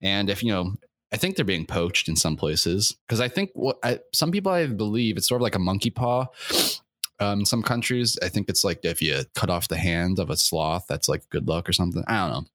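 A man's voice: low voice, expressive, fairly quick, a bit bright, no echo, studio quality. A young man hosting a comedic rant, rambling with many fillers, crude and profane, getting worked up as he goes. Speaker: podcast host.

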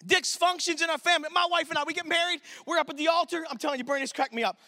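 A middle-aged man from Pittsburgh preaching a sermon in an animated, storytelling, street-talking way. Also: very high voice, rapid-fire, no echo.

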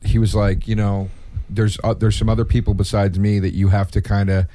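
A man's voice: on the low side, level tone, a little fast, mellow, a little hiss or hum. A man hosting a casual chat, telling stories in a rambling way with many fillers and restarts. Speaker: comedian and podcast host.

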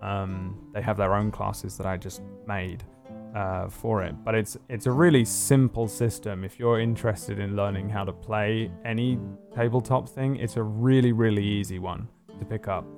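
A man's voice: on the low side, steady tone, normal speed, darkish tone, soft background music. A man hosting a tabletop role-play stream, chatting casually with fillers and restarts. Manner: rambling, many fillers and restarts. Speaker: game master and show host. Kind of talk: casual post-game chat.

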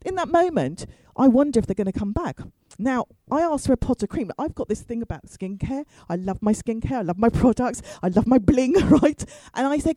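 Brief: comic storyteller, woman, high animated voice, mellow tone, dry close sound. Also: a little fast, hardly any pauses, no room sound, low-quality recording. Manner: animated, swears freely, wry asides. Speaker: stand-up comedian.

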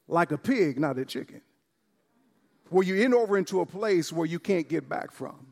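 A man's voice: on the high side, lively intonation, normal speed, a little mellow, big-room sound. Exuberant preacher calling to his congregation. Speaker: pastor. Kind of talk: sermon. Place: church service.

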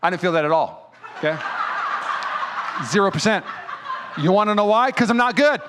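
A male pastor preaching a sermon in a church, telling stories in an animated way and acting out what people said. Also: high voice, normal speed. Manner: animated storyteller who acts out quotes. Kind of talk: sermon with personal storytelling.

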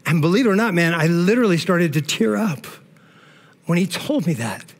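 A man's voice: sits high, lively intonation, normal speed. A middle-aged male pastor preaching a sermon in an emotional, conversational way, often tossing in "man" and "all right".

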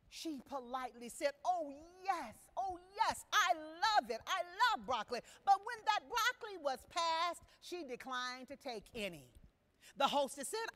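A woman's voice: sits high, fairly bright tone. A woman preacher delivering a sermon to a congregation with emphatic, questioning delivery. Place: church sanctuary. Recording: long reverb of a large hall.

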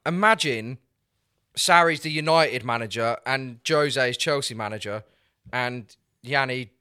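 Bright-voiced man arguing his case. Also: medium pitch, a little slow, clean tone, no echo, studio quality. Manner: argumentative, jokey. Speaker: regular podcast pundit. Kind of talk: casual chat.

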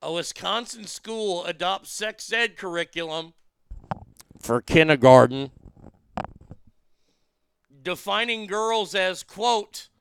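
A man's voice: sits high, expressive, slow pace, creaky, pauses often, fairly bright tone, clean tone, dry recording. A man hosting a show, reading news aloud and mocking it with crude, profane jokes and laughter. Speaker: show host. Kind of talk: crude comedic commentary.

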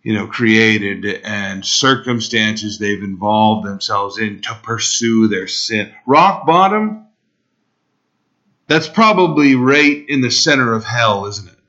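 A man's voice: fairly low pitch, animated, slow pace, bright, forceful tone, highs cut off. A male pastor preaching an impassioned expository sermon, pleading and rising sharply for emphasis.

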